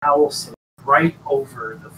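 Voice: medium pitch, moderate pace, a bit bright. A podcast host in casual chat, mostly giving short reactions and asking questions. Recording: noisy background hiss.

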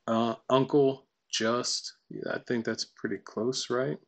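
A man walking through a software tutorial casually, thinking aloud and reading lines out to test them. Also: mid-range voice, steady tone, slow pace, vocal fry. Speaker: tutorial presenter. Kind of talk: screen-recorded software tutorial.

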